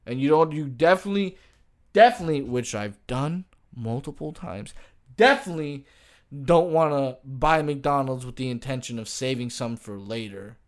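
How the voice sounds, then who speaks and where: A man's voice: mid-range voice, normal speed. Slangy, profane joking man. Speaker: streamer. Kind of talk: casual comedic rant to camera.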